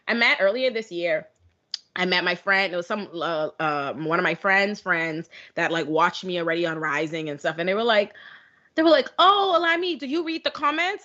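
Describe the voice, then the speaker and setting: A young woman, telling stories in a casual podcast chat, animated and laughing, heavy on slang. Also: mid-range voice, highs cut off. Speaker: podcast guest.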